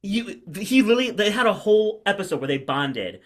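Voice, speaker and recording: A man co-hosting a podcast in casual chat, animated and quick to mimic the people he talks about. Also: high-pitched. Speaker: podcast co-host.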